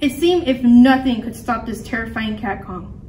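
A woman storyteller reading a picture book aloud in a lively, expressive way. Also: a little high, moderate pace. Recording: echoey room, mic far off, faint noise.

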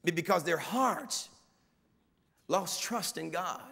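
High, gravelly preaching man in a reverberant hall. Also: slow pace. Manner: animated preaching, swinging from quiet asides to shouted mimicry. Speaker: pastor. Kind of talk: sermon. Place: church sanctuary.

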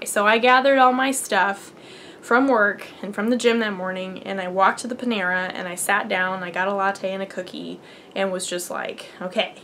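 A young woman hosts her knitting podcast, telling a long rambling personal story in an earnest, chatty way. Her voice sits at an ordinary middle pitch. A faint low rumble hums under the recording. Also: fairly bright tone. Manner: rambly, earnest, frequent fillers and laughs. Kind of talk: casual storytelling.

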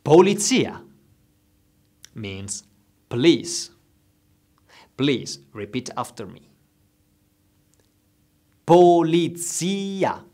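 A man teaching travel phrases, saying each one slowly and clearly so listeners can repeat after him. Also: medium pitch, big pitch swings. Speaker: language teacher. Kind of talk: slow instructional phrase drills.

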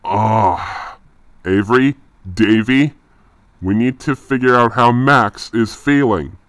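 A man voicing a helpful young male cartoon friend in a flat, stiff voice. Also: mid-range voice, slow, dry recording.

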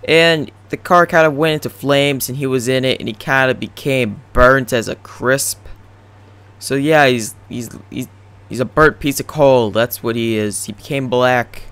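A man's voice: mid-range voice, measured pace, smooth. A young man doing profane, rambling, joking commentary over a baseball video game. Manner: profane, rambling, deadpan jokes. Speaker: gaming commentator.

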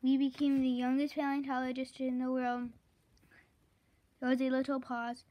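A woman slowly reading a children's chapter book aloud, correcting herself and pausing to chat about the pictures. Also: sits high, completely flat delivery, warm tone. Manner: slow, careful read-aloud with self-corrections; chatty asides about the pictures. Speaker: reader.

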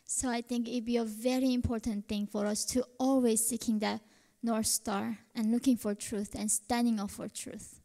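Impassioned young woman with a Korean accent, slightly high. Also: little pitch movement, normal speed, warm tone. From North Korea. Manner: earnest, impassioned. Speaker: guest speaker. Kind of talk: lecture Q&A answers. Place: university auditorium. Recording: hall reverb.

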